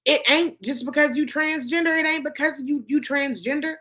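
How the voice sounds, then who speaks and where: A woman hosting a gossip commentary show speaks bluntly to the camera, swearing heavily and repeating points for emphasis. Her voice is high-pitched and fairly bright, at a moderate pace.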